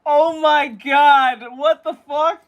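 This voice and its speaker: Slow-talking, profane woman from New York. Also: sits high, steady tone, muffled recording, a little hiss or hum. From United States, New York. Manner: loud, blunt, profane exclamations. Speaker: artist reacting to videos. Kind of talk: reaction commentary.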